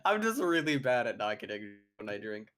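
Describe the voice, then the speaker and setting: A man's voice: fairly low pitch, very animated, brisk, fairly bright tone. A man playing a tabletop game, enthusiastic and casual, swearing freely. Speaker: player.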